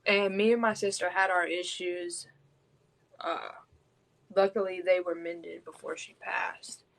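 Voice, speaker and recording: A woman's voice: on the low side, level tone, unhurried, gravelly, fairly bright tone, rough recording. Woman, podcast host, raw and blunt, swears a lot, candid storytelling.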